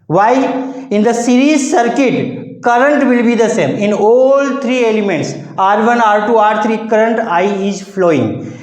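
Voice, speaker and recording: A man's voice: high-pitched, unhurried, echoey room, poor audio. A man teaching physics, constantly posing rhetorical "what?" questions and answering them himself. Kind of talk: classroom lecture.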